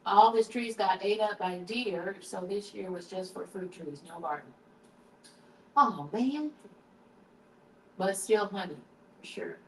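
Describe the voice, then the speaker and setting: A woman's voice: fairly low pitch, measured pace. Woman, livestream host, chatty, roomy kitchen sound, mic set back from her. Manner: chatty, talks to viewers, switches to hushed prayer. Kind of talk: casual live-stream chat while eating. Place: home kitchen. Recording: roomy, distant camera mic.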